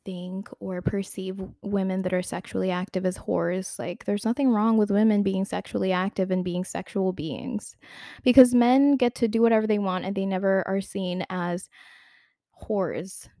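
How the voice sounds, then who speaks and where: A woman's voice: mid-range voice, fairly even intonation, normal speed, dark tone, dry recording. Frank, chatty young woman, dry close sound. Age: young adult. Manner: chatty, filler-heavy with "like", giggly, frank. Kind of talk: candid casual Q&A monologue.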